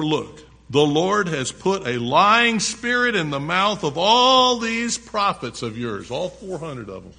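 Bright-voiced preacher in a reverberant hall. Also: male voice, fairly high pitch, vocal fry, slightly rough. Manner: reads a passage aloud, then breaks off to explain it plainly. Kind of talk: sermon, reading scripture with asides.

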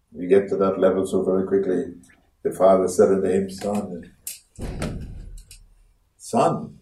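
A man preaching a sermon as pastor, dramatic, acting out quoted voices and swinging from hushed to loud. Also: low-pitched, little pitch movement, measured pace, long pauses. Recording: echoey room from far off.

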